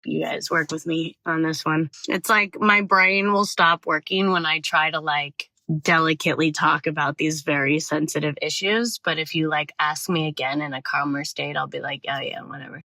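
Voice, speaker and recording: A woman hosting a podcast, telling a personal story in a rambling, expressive way, cursing freely and correcting herself as she goes. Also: low voice, normal speed, no echo. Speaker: podcast host. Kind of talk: casual storytelling monologue.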